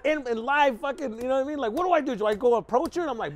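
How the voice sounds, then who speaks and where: A man with a high, light voice races through a story on a podcast. His talk is loose and profane, and he slips into quick impressions of the people in the tale. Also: lively intonation. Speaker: podcast guest. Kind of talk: casual storytelling chat.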